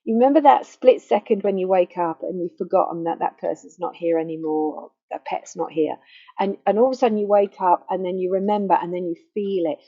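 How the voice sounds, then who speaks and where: A woman counselling on grief in a gentle, slow, reassuring way that softens to a near hush. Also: mid-range voice. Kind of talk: guided self-help talk. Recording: dull lo-fi faulty microphone.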